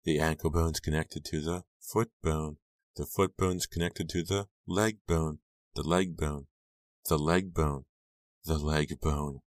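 A man voicing a taunting prank caller with a shrill, nasal voice that keeps repeating itself and grows angrier in an audiobook. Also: steady tone, slow, no echo, clean studio sound. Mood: menacing taunt. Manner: repetitive, growing angrier. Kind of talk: audiobook character voice.

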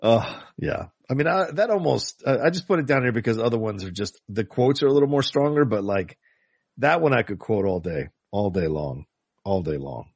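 A man co-hosting a casual podcast chat, animated and quick to laugh. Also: fairly low pitch, creaky, breathy edge, dry recording. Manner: animated, laughs often, slips into quoting. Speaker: podcast co-host ranking film quotes.

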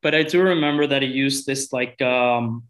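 A man from Europe, a guest telling a story in a casual, halting way, often repeating words and restarting. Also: medium pitch, a bit bright, poor audio.

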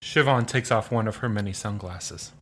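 A man playing a tabletop game, making deadpan puns. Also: lowish voice, normal speed, husky. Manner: deadpan punning. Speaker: player. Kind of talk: casual chat at a tabletop game.

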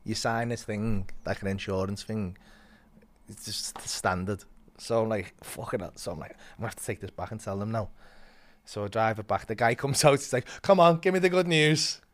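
A man telling a story as a comedian guest, swearing a lot and acting out quotes with big swings in loudness. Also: lowish voice, steady tone, fairly quick. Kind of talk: animated storytelling.

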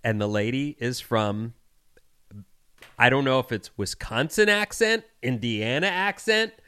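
A male podcast co-host telling a story in casual chat. He sounds exasperated, swears freely and drops into voices. His pitch rises and falls a lot. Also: animated, unhurried, bright, forceful tone, smooth.

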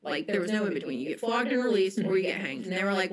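A woman's voice: medium pitch, animated, quick pace, hardly any pauses, rough recording. A young woman telling a history story on a casual podcast, chatty and full of ums and likes.

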